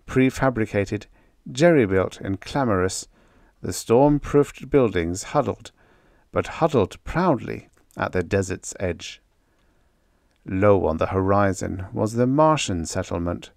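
A man narrating a vintage science fiction story in a measured, expressive storytelling style. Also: fairly low pitch, vocal fry, no room sound, studio quality. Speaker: audiobook narrator.

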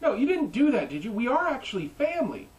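Brief: upset young woman, pleading, incredulous, voiced by a man, lively rises in pitch. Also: fast talker, recorded from a distance, poor audio.

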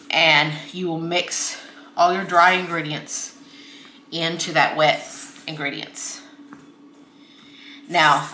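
A woman's voice: on the low side, bright, forceful tone, reverberant, slight background noise. A woman hosting a home cooking tutorial from her kitchen, talking in a friendly, chatty way while she mixes ingredients. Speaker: cooking channel host.

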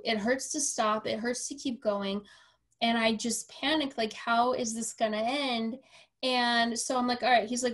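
A woman hosting a podcast interview, telling a lively story and acting out the voices of the people in it. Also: on the high side, normal speed. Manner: animated storyteller, quoting herself and others. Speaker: podcast host. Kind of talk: casual interview conversation.

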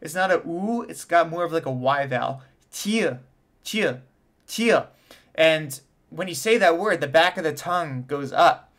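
Guy teaching trumpet, slightly higher voice, chatty and explains things, sounds out syllables. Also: moderate pace, a bit bright. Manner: demonstrates vowels and tonguing sounds aloud. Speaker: trumpet teacher reacting to an interview. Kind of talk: casual explanatory commentary. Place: home studio in front of a camera.

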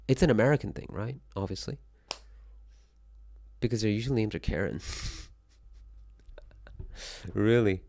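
A young Korean man hosts a casual solo livestream, reacting to chat while he rambles, jokes animatedly and swears freely. His voice is fairly low with vocal fry, at normal speed with long pauses.

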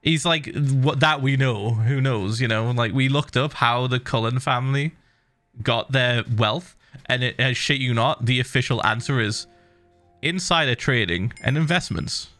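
A man's voice: mid-range voice, unhurried, bright, forceful tone, soft background music. A man streaming a game, ranting animatedly and swearing a lot in an exasperated, casual way. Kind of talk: casual gaming stream chat.

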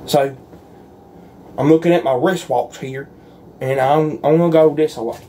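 A man's voice: fairly high pitch, fairly even intonation, unhurried, warm tone. A man doing a solo roleplay in a folksy, earnest and pleading way, as if talking to a gang of friends. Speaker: roleplay creator.

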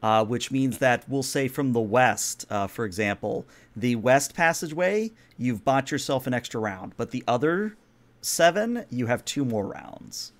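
A man narrating as game master of a tabletop role-playing game, relaxed and playful with the players. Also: medium pitch, unhurried.

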